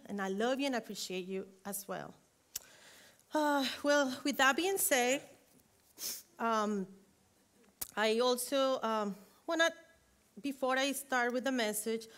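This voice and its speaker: A woman's voice: on the high side, a bit bright. Woman preaching with fervent rising exhortation. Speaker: guest preacher. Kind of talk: sermon. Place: church sanctuary. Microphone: earring interfering with mic, handheld or headset.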